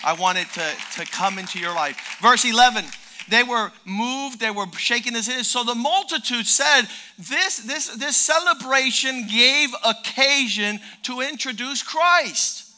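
An older man preaching a sermon as pastor, fervent and emphatic, repeating words and rising to shouted peaks. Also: very high voice, unhurried.

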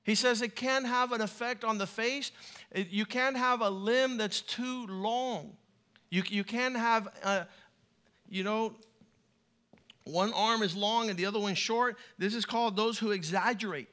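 A man's voice: high voice, unhurried, pushed and bright. A man pastor preaching a sermon in an emphatic, humorous way.

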